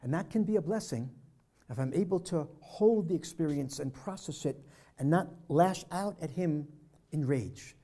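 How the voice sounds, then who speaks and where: A man's voice: a little high, moderate pace, dark tone. An older man giving a personal storytelling talk at a church presentation, vividly acting out the dialogue he recounts. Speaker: speaker at a peace dialogue presentation.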